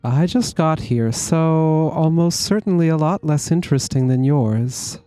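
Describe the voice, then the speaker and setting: A man voicing a tough, wry young punk woman at a party, in a slow and laid-back way while reading a text game aloud. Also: a little high, warm tone, clean tone, no echo, soft background music, natural voice.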